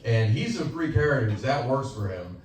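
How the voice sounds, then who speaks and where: A young man doing a stand-up comedy set on stage, animated and slipping into quoted voices for his punchlines, with the audience laughing. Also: medium pitch, moderate pace, a little hiss or hum. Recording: loud audience laughter, echoey club heard from far.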